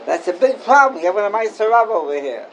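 A man's voice: high voice, very animated, brisk, background noise. A man teaching an informal Torah class as a rabbi, questioning and emphatic, repeating his key points.

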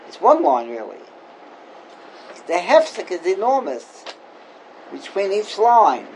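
A man's voice: sits high, big pitch swings, slow, a little hiss or hum, rough recording. A man teaching an informal Torah class as a rabbi, questioning and emphatic, repeating his key points.

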